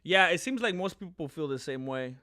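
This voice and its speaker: A man giving casual live fight commentary as a streamer, chatty and animated, with many fillers and asides. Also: fairly high pitch, brisk.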